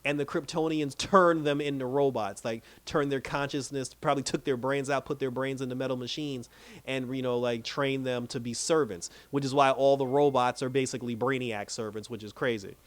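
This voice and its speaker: A man casually recapping and reviewing a TV episode, telling it with lively reactions and laughing as he goes. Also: medium pitch, fairly quick. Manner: animated storytelling, laughs while retelling scenes.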